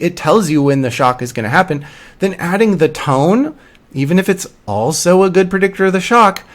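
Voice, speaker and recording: Man, lecturer, slightly high-pitched, explanatory, repeats himself, asks "right?". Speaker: university lecturer. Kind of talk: recorded lecture.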